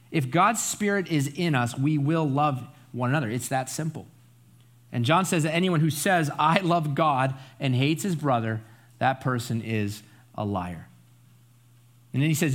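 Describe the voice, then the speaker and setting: A man's voice: on the high side, fairly bright tone. A man preaching a Bible study sermon in a conversational, emphatic way, often adding asides and tag questions. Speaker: pastor.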